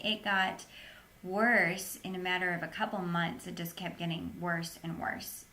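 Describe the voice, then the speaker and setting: A woman's voice: on the low side, bright, forceful tone, a little hiss or hum. A woman, an interview guest, recounting a personal story in an earnest, plain-spoken way.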